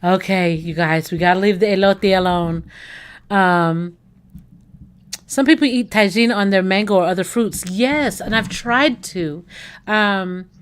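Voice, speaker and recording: A woman from the United States chats casually on her livestream in a voice of middling pitch. She gushes with enthusiasm and rambles along, with many fillers and quick self-corrections. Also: clean tone. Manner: chatty and enthusiastic, gushing over food. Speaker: livestream host. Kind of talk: casual chat with viewers.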